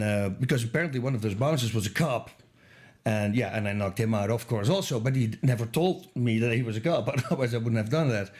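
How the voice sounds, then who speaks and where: Brief: male guest storyteller, animated, laughs at his own tale. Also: mid-range voice. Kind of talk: casual anecdote telling.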